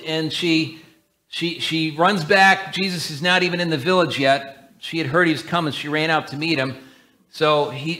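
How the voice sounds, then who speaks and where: An earnest man preaching a sermon as a church elder, his voice pitched a little high and strikingly bright. He talks to the congregation conversationally, restarting phrases as he goes.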